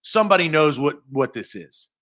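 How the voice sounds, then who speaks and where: Man co-host reading trivia questions slowly. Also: fairly high pitch, sing-song, fairly bright tone. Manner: reads questions out slowly and deliberately. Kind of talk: casual sports chat.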